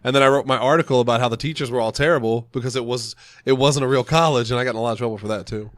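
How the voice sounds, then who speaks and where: Sick, nasal male host with a mid-pitched voice, playful and casual, dry studio mic. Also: rapid-fire, no echo. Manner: joking, laughs through stories. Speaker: podcast host. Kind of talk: casual chat.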